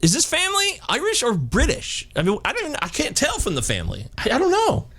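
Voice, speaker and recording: A man's voice: very high voice, wildly swooping pitch, quick pace, fairly bright tone, husky. A man co-hosting a movie podcast, blunt and profane, joking as he talks. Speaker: podcast co-host. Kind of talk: casual movie review chat.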